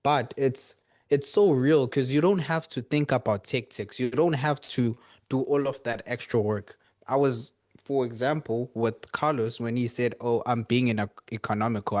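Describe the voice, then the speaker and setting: A man's voice: mid-range voice, darkish tone, dry recording, studio quality. A man on a group coaching call, speaking earnestly and rambling, with frequent restarts. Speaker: coaching client.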